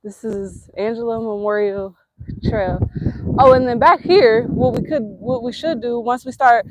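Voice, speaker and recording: A woman's voice: fairly high pitch, measured pace, a little hiss or hum, poor audio. Chatty woman touring her land. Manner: chatty, thinking aloud while walking. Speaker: homesteader giving a tour of her land. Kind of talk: casual walking tour. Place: outdoors on a rural trail. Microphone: husband's handheld camera.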